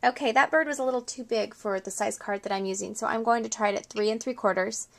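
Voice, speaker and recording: A woman's voice: fairly high pitch, fairly even intonation, fast, gravelly. A woman hosting a casual crafting tutorial at home, chatty and upbeat, often wandering into friendly asides while she works. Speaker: craft video host.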